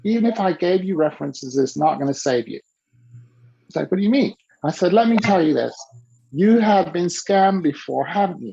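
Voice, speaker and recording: A husky man with a gravelly edge tells an animated coaching story, bouncing between the voices of the people he quotes. He coaches the listener along and has them repeat his rules back. The recording sounds dull and lo-fi. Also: high-pitched, moderate pace. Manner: acts out quoted dialogue with lively shifts in voice. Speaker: business coach.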